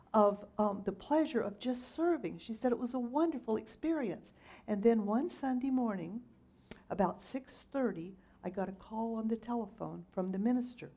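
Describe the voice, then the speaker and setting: A woman's voice: mid-range voice, warm tone. A middle-aged woman minister giving a sermon, relating a story in a conversational storytelling manner.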